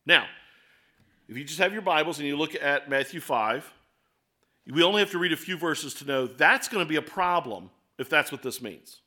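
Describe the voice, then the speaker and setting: A man preaching a sermon as pastor, explaining scripture in a conversational way and reading verses aloud, slowing down and speeding up for emphasis. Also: on the high side, lively intonation, pushed and bright.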